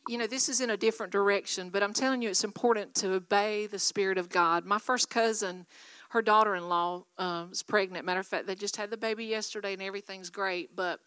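A woman's voice: medium pitch, fairly even intonation, quick pace, fairly bright tone, clear, resonant tone, no room sound. A woman preaching a sermon, exhorting her listeners and asking for their responses. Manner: exhorting, call-and-response with audience. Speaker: guest speaker.

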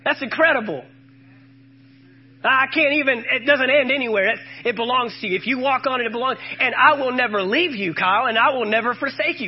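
Husky high-voiced male preacher. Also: brisk, muffled recording. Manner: emphatic, calls out to the congregation and quotes scripture. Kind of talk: sermon.

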